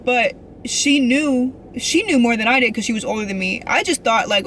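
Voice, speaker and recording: A young woman shares a personal story on her vlog with a bright, forward tone. She rambles and restarts often, earnest and emotional. She leans on casual fillers as she goes. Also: a little high, expressive, normal speed, hardly any pauses, a little hiss or hum. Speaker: vlogger.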